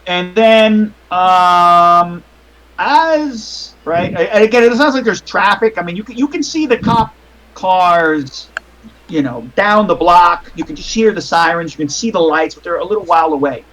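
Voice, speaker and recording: A man's voice: high voice, expressive, measured pace, a bit bright, a little hiss or hum, poor audio. A man narrating as game master over a call, rambling with restarts and casual swearing. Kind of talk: narrating a tabletop horror game.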